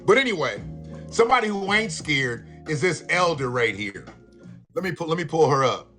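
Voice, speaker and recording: A man hosting a live stream, ranting in a profane, animated way with laughing asides. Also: a little high, moderate pace, soft background music. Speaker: livestream host. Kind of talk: live commentary rant.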